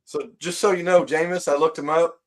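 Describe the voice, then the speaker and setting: A man arguing sports in casual banter, quick with a teasing comeback. His voice sits a little high for a man. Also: steady tone. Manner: teasing, argumentative. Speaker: podcast co-host.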